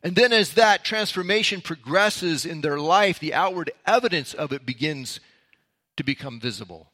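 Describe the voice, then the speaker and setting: A man with a bright, forceful voice that sits a little high for a man. He teaches a sermon in a relaxed, storytelling way. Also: moderate pace. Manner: storytelling, conversational. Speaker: pastor. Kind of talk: sermon-style Bible teaching.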